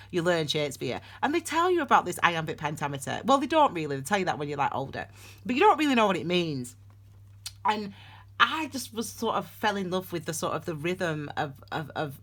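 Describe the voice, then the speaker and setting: A woman's voice: lowish voice, fairly bright tone. A middle-aged woman giving a casual tarot reading, rambling and digressing with many restarts. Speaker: tarot reader.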